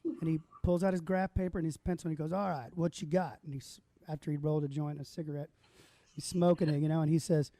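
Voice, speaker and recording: A man's voice: fairly high pitch, steady tone, fast talker, mellow, no echo. A man hosting a casual livestream, chatting with a guest and telling stories in an easygoing way. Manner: easygoing storyteller, laughs often. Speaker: host.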